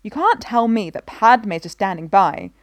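A woman's voice: mid-range voice, lively intonation, moderate pace, no echo, natural voice. A woman voicing an anguished, strong-willed queen who speaks urgently. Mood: indignant.

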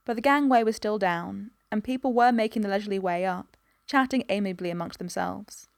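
A woman narrating a story in an even, measured reading voice. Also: medium pitch, gravelly, no echo, studio quality.

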